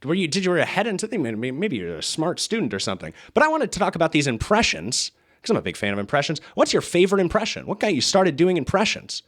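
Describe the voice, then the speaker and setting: A man hosting a comedy podcast, with a deadpan, mock-formal game-show delivery. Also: on the high side, fast talker, hardly any pauses. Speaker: podcast host.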